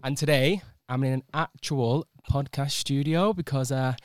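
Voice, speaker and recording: A man's voice: medium pitch, unhurried, dry recording. A man with a Manchester accent hosting a podcast in a studio, playful and teasing in casual chat. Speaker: podcast host.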